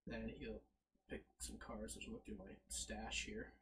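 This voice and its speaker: A man's voice: fairly low pitch, a little slow, slight background noise. A man casually narrating as game master, fumbling with his setup and correcting himself as he goes. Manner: lively, fumbling with slides, self-correcting.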